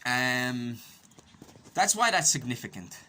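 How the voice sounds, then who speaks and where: A man's voice: mid-range voice, sing-song, slow pace, pushed and bright. An Irish man giving a rambling, profane, conspiratorial comedic monologue and punctuating it with constant "right?" asides. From Ireland. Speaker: podcast host.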